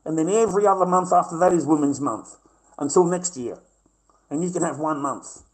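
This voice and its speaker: A middle-aged man with an Australian accent rants on his livestream. His voice sits fairly high, and he is brash and combative, swearing nearly every line. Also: fairly quick, low-quality recording. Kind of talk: profane livestream rant.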